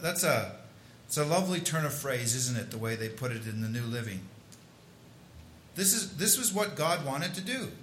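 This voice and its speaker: A man's voice: fairly high pitch, bright, forceful tone, echoey room, a little hiss or hum. A man preaching a sermon in a conversational way, with restarts and asides. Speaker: pastor.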